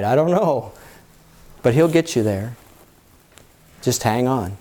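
A man preaching a sermon, reading scripture aloud and talking plainly to a congregation, his voice climbing high when he voices people's pleas and dropping low and soft to reassure. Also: unhurried, pauses often. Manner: reads scripture aloud, then rises high and loud in acted pleas.

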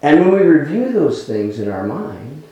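A man preaching a sermon as a pastor, in an unhurried, earnest way, often restarting his sentences and filling pauses with "uh" and "you know". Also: a little high, very animated, dull audio, soft background music. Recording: roomy echo.

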